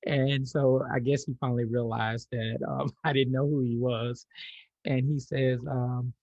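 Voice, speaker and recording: Gravelly man telling a personal story. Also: mid-range voice, flat delivery, measured pace, a little mellow, dry recording, dull audio. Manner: repeats words when starting, laughs lightly. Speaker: podcast guest. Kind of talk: casual storytelling.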